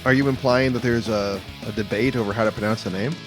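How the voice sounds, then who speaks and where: A man's voice: lowish voice, steady tone, fast, faint music behind. Laid-back joking man hosting a podcast. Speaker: podcast host. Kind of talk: casual chat. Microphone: headphones and mic on a video call.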